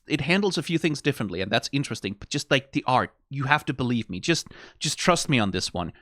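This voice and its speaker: A man's voice: medium pitch, fairly bright tone, no room sound, studio quality. A man hosting an anime reaction stream, talking casually and rambling, repeating his points emphatically and swearing now and then.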